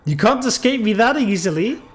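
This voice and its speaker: A man's voice: high voice, animated, normal speed, pitched above the performer's own voice. Libitina, a man doing a menacing possessive spirit. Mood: mocking. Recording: faint music behind.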